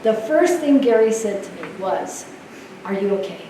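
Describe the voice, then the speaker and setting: Animated woman speaking in an echoey hall. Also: medium pitch, moderate pace. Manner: animated storyteller, laughs often. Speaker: nurse leadership speaker. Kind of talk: conference talk. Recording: echoey hall from far off, faint noise.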